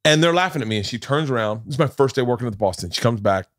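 A man's voice: medium pitch, animated, very fast, fairly bright tone, dry recording. Middle-aged male podcast host, storyteller, profane, does quoted voices, dry close sound. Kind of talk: casual chat.

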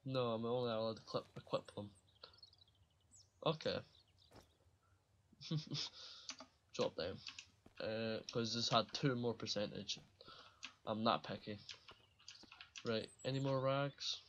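A man's voice: mid-range voice, takes it slowly, pauses often, a bit bright, dull audio, slight background noise. Rambling, swearing gamer guy. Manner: rambling, swears a lot, laughs at himself. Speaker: gaming channel host. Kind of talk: casual gameplay commentary.

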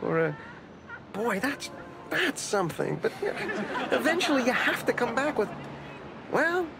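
A whiny, neurotic sitcom loser. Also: male voice, very high-pitched, big pitch swings, unhurried, vocal fry, crowd noise, heavily acted. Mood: anxious. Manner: anxious, whiny, rambling complaints. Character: neurotic, self-pitying man in his thirties. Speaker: sitcom character. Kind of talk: sitcom acting. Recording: studio audience laughter over background noise.

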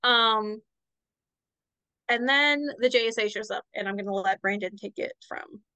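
A woman co-hosting a book club podcast, giving frank commentary and often pausing on "um". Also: mid-range voice, pushed and bright, smooth, dry recording. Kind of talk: casual podcast chat.

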